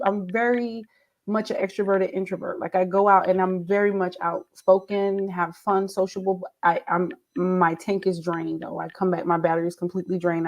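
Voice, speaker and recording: A woman, an independent author, talking casually on a publishing panel over a video call, bursting with energy, with restarts and laughter. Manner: animated, acts out quotes with big jumps in pitch.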